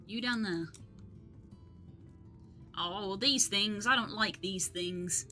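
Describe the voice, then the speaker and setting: A woman's voice: medium pitch, takes it slowly, pauses often, sharp tone, soft background music. A woman streaming a game live, chatting casually and reading game dialogue aloud.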